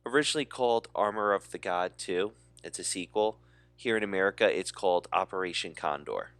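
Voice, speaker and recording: A man's voice: deep voice, brisk, fairly bright tone, dry recording. A man co-hosting a movie podcast, talking enthusiastically and rambling with fillers. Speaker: podcast co-host. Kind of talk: casual movie chat.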